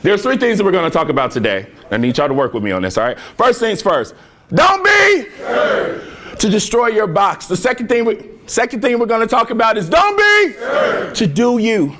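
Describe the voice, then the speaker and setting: A young man from near Chicago giving an energetic keynote speech to students, joking and leading call-and-response chants with slangy, playful talk. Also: high voice, normal speed. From Harvey, Illinois, near Chicago. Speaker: keynote speaker. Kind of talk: motivational speech to a student crowd. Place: large hall with a student audience.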